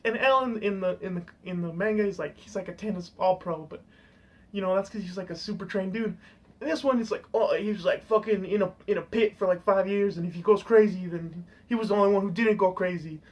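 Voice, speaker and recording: A young man ranting casually on camera, rambling and swearing, saying "dude" constantly. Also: high voice. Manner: profane, rambling, full of "dude". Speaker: vlogger. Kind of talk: casual rant.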